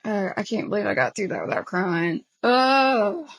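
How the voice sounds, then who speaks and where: A woman's voice: on the low side, expressive, fairly quick, breathy edge, low-quality recording. Emotional Southern woman podcast host. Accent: Southern American. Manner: emotional, quotes lines with feeling. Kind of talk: casual chat.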